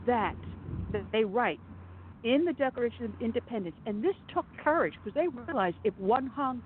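Impassioned woman talk radio host, phone-thin audio. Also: a little high. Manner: impassioned, emphatic, sarcastic. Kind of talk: conservative talk radio monologue. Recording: phone-like narrow audio with faint noise.

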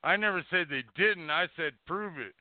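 Swearing podcast guy, highish smooth voice, sounds like over a phone. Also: moderate pace, no echo. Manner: profane, heated storyteller. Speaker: podcast co-host. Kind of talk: casual chat. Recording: dry, phone-like tinny audio.

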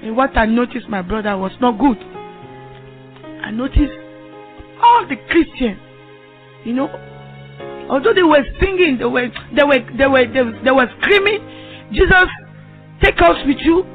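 A woman's voice: high-pitched, animated, normal speed, pauses often. A woman giving an emotional religious testimony, pleading and repeating herself, at times tearful. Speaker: testifying believer. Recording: tinny phone line with faint music.

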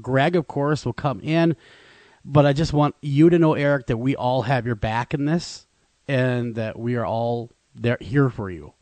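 A man's voice: medium pitch, a little slow, darkish tone, no echo. A man hosting a radio talk show, supportive, often breaking in with agreement. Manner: supportive, with frequent agreeing interjections. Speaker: radio host.

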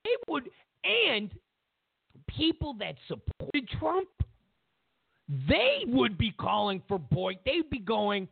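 A man hosting a political commentary show, ranting loudly and mockingly, slipping into put-on voices for the people he quotes. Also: very high-pitched, very animated, slow, gravelly, long pauses, breathy edge, no room sound, phone-quality sound.

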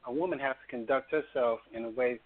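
A man's voice: medium pitch, fast. A man in a casual talk show, laid-back and profane, laughing as he talks. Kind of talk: casual podcast chat. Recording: tinny phone-like audio.

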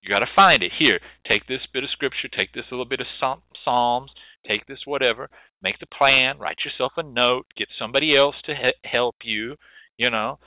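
A man's voice: medium pitch, normal speed, dry recording. A man hosting a radio show, lecturing emphatically, swearing often and repeating his points. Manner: emphatic, repetitive, profane, preachy. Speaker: radio show host teaching hoodoo rootwork. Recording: tinny dry phone-like line.

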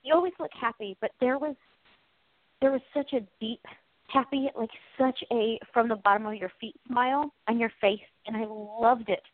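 High-voiced encouraging woman co-host. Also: fairly even intonation, moderate pace, dry recording. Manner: encouraging, affirming listener. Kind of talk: casual faith-based chat. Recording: tinny phone-like dry audio.

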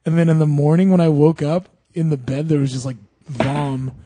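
A man's voice: a little high, fairly even intonation, normal speed, mellow, slight background noise. A man co-hosting a podcast, telling childhood stories in casual chat and laughing often. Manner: chatty storyteller, laughs often. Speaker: podcast co-host.

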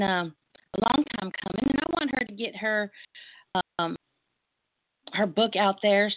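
A woman with a Texas twang hosting a relaxed, chatty talk show, laughing easily. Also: medium pitch, no room sound. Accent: Texas Southern. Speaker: host. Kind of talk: casual chat. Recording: tinny phone-like line.

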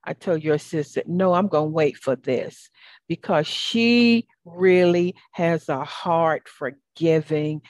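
A woman's voice: deep voice, slow pace, dry recording. A woman with a Southern US accent hosting an interview, affirming her guest with faith-tinged phrasing. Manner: warm, affirming, churchy phrasing. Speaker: podcast host.

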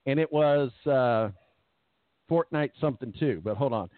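A man's voice: medium pitch, unhurried, no room sound. A man co-hosting a sports talk show, chatting casually and joking, rambling into asides. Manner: jokey, rambling, trails into asides. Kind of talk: casual sports radio banter. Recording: tinny phone-line sound, dry.

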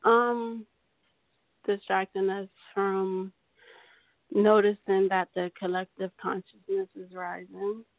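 A woman's voice: medium pitch, flat delivery, slow pace, vocal fry, no room sound. A woman from California calling in to a radio show, talking hesitantly with many ums and restarts. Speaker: caller. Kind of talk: phone call to a radio show. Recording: dry tinny phone line.

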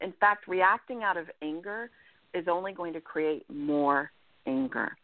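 A woman life coach giving earnest, animated advice as a guest in an interview, often checking in with "right?". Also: lowish voice, measured pace, dry recording. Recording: dry, tinny phone-line sound.

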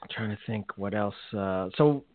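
A man's voice: lowish voice, moderate pace, no room sound. A man co-hosting a podcast in casual chat, telling rambling stories and laughing mid-sentence. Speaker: podcast co-host. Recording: tinny phone-like sound, dry.

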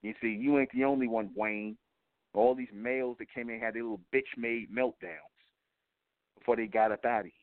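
Male radio host, middle pitch, preachy, repetitive and profane, phone-line sound with no reverb. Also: fairly even intonation, moderate pace. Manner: preachy and repetitive, keeps asking "you see?"; blunt and profane. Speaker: internet radio talk show host. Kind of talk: lecturing radio monologue. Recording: tinny phone-line audio, dry.

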